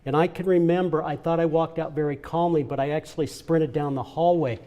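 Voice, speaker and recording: A man's voice: a little high, fairly even intonation, a little fast, mellow, muffled recording. An older man giving an earnest, emotional speech at a charity event. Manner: earnest, emotional storytelling with repeats. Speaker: honoree speaking at a charity event. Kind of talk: heartfelt personal speech.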